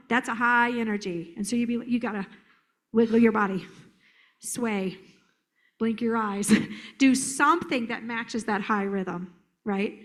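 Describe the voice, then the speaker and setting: A middle-aged woman therapist giving a playful, lively workshop talk at a conference, acting out children's voices as she explains. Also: fairly high pitch, slow. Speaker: trauma therapist presenter. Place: conference hall.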